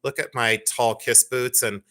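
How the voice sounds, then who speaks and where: A middle-aged woman hosting a live sale stream in a playful, rambling way. Her voice is bright and forward, and she pokes fun at herself. She talks casually to her viewers. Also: a bass voice, steady tone, a little slow. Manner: chatty, self-mocking, playful. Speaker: livestream jewelry sale host. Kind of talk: casual livestream chat.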